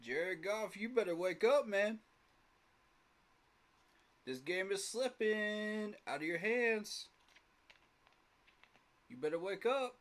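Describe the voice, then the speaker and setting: A man giving live reactions to a football game, excitable, talking to the teams on screen and laughing often. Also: sits high, slow pace, long pauses. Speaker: sports reaction streamer.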